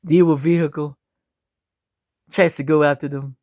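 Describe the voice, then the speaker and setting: A man's voice: on the high side, no room sound, clean studio sound. A man telling an improvised spooky, funny story with many restarts and asides. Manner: unhurried, animated, with restarts.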